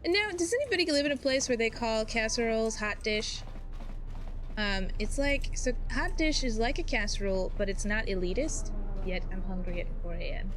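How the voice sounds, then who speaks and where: A woman's voice: fairly high pitch, lively intonation, moderate pace, fairly bright tone, a little hiss or hum. A woman in her thirties, a mom and live streamer, chatting casually and bubbly while she plays a video game, with lots of fillers and laughs. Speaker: Twitch streamer. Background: game music.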